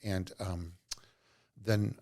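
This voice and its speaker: A man's voice: deep voice, level tone, very slow, a little mellow. A middle-aged man, a podcast guest, telling earnest, rambling stories from his working life. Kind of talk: casual storytelling interview.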